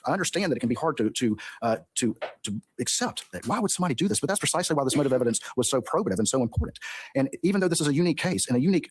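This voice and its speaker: A man's voice: mid-range voice, slightly rough, dry recording. A man, arguing as prosecutor before a supreme court, in insistent persuasive sentences that run on and chain points together. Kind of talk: courtroom oral argument.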